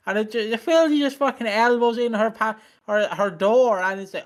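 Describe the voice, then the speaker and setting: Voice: medium pitch, expressive, brisk, hardly any pauses. A podcast co-host in casual chat, hesitant, with many ums and restarts.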